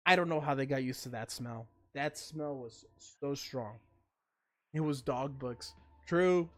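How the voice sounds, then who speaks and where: A man's voice: mid-range voice, unhurried. A male livestream host in a casual chat, ranting emphatically and swearing freely.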